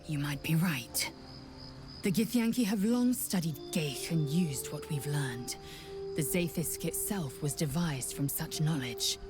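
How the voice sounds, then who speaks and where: A proud alien warrior woman from a video game, stern and clipped in every word. Her voice sits very low, and she takes her time, spacing out each phrase. She sounds commanding even when she gives ground. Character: proud female alien warrior, harsh and scornful.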